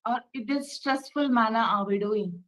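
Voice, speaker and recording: A woman giving a spiritual talk as a meditation teacher, asking gentle rhetorical questions and guiding a short meditation. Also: fairly high pitch, moderate pace, poor audio.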